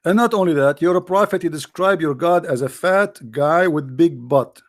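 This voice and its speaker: A man's voice: a little high, moderate pace. A man hosting a live call-in debate show, mocking and stammering often as he talks.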